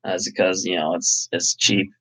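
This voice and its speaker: A man's voice: deep voice, flat delivery, moderate pace, sharp tone, breathy edge, low-quality recording. A man hosting a casual live chat, rambling and swearing, with lots of fillers. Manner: rambling, profane, full of fillers. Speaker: channel host.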